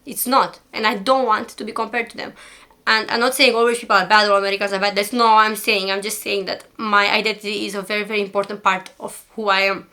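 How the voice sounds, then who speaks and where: A woman's voice: medium pitch, bright, forceful tone. A young woman from Eastern Europe talking earnestly and defensively in a commentary vlog, close to tears at times. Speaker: YouTuber.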